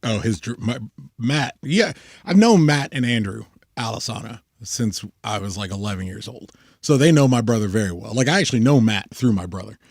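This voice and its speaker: A man co-hosting a casual podcast chat, excitable and profane, laughing often. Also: fairly low pitch, fairly quick, gravelly, no echo, clean studio sound. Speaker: podcast co-host.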